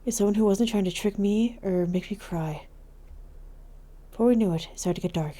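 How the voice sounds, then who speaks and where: Woman, gaming host, calm game narration, soft, mid pitch. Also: normal speed. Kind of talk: reading a visual novel aloud as narration.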